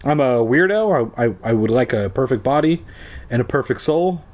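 A man's voice: medium pitch, animated, moderate pace, darkish tone, lightly acted. A man voicing an eerie boy caller who whispers into the phone.

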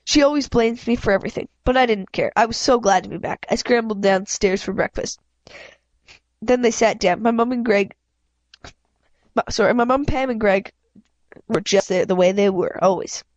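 A woman reads a children's novel aloud in first person, stumbling now and then and backing up to fix her words. Her voice sits at a middle pitch, recorded dry and close with a slightly dull, muffled sound. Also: no echo. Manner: halting, frequent self-corrections. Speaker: reader.

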